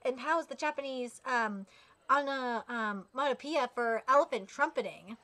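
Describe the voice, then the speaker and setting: A woman streamer giving a casual live reaction while reading manga, excitable and swearing, with fillers. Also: high-pitched, moderate pace.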